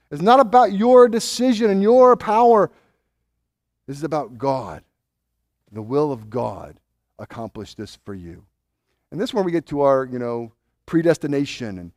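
Male pastor preaching, fairly high voice, swings from booming declarations to near-whispered asides, dry close mic. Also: expressive, normal speed, no room sound. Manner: dynamic preaching, swinging from loud bold declarations to hushed intimate asides. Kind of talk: sermon.

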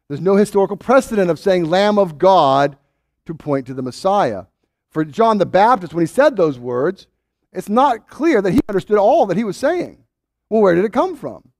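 A male pastor preaching a sermon, animated, often acting out the voices of doubters with repeated restarts. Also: high-pitched, no echo.

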